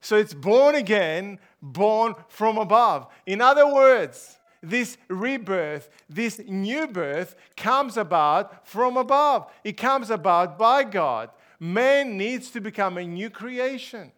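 A man with a high voice delivers a sermon at an unhurried pace. He leans on key phrases and puts questions to the congregation, leaving room for each point to land. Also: fairly bright tone. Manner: emphatic, asks the congregation rhetorical questions. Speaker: preacher.

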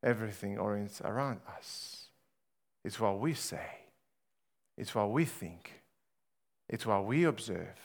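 A man preaching a sermon, slow and emphatic, swinging between loud rhetorical questions and hushed, low passages. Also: expressive, creaky. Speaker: pastor.

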